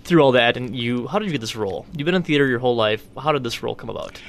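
A man's voice: mid-range voice, expressive, very fast, creaky. Man interviewer asking friendly questions. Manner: conversational, teasing questions. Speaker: interviewer, host.

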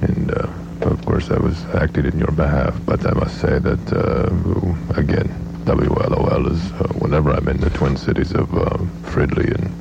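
A man voicing a pompous elderly male statesman with a German accent, slow, low and self-important, in a comedy radio bit. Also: fairly even intonation, creaky, noisy background, full character voice. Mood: droning. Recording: dull lo-fi radio broadcast.

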